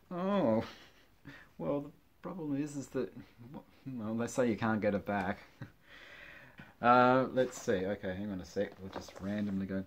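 A man's voice: on the low side, measured pace, long pauses. A middle-aged man reading old jokes aloud, groaning and laughing at them with wry, self-mocking asides. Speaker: channel host.

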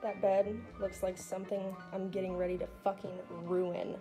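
A woman's voice: mid-range voice, level tone, moderate pace, loud music behind the voice. A young woman filming a casual travel vlog, chatty and tired, swearing freely. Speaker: vlogger. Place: in a car and at a horse stable.

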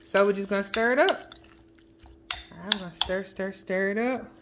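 A woman chatting casually as a home cooking vlogger, counting her seasoning shakes out loud and joking with family off camera. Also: medium pitch, normal speed, background noise. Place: home kitchen. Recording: kitchen clatter of dishes and utensils.

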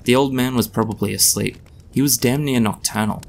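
A man reading his own story aloud in a measured, dry narration. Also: medium pitch, gravelly, a little hiss or hum.

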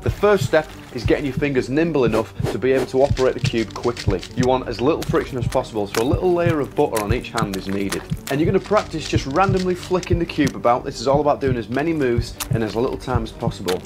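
A young man, a magician making comic commentary with a sarcastic, jokey manner and frequent laughs. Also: mid-range voice. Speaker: magician and video creator. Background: background music.

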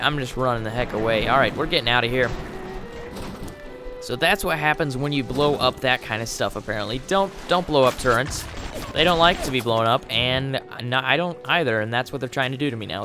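A man giving casual let's play commentary, excitable and quick with exclamations as he plays. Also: medium pitch. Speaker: gamer. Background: game music.

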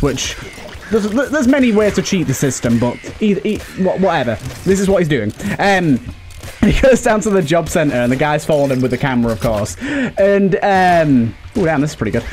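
A man's voice: on the high side, a little mellow, a little hiss or hum. A young British man narrating a game while rambling through a funny story, chuckling often, with many fillers and some swearing. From United Kingdom. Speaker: let's play host. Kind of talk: casual gameplay commentary and storytelling.

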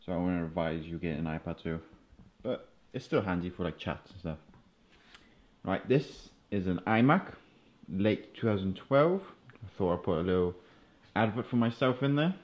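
A man's voice: deep voice, expressive, normal speed, muffled recording. A man casually showing off his gaming setup in his room at home, talking in a laid-back, rambling way. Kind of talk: casual show-and-tell.

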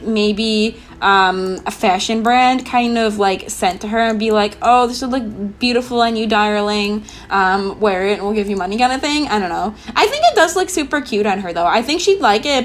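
A young woman hosting a let's play, chatting in a bubbly, excitable way full of "like" and "um". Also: fairly high pitch. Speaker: gaming channel host. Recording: light background music.

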